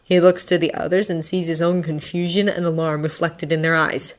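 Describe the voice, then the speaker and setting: A woman narrating fiction as an audiobook, expressive and voicing characters. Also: sits low, fairly quick. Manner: expressive, acting out voices. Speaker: fanfiction reader.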